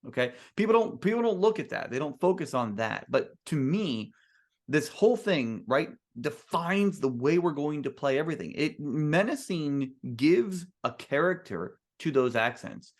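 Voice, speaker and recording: A man's voice: fairly high pitch, sing-song, normal speed. A man who is a composer, giving an earnest, emphatic talk to musicians at a band clinic and restarting his sentences often.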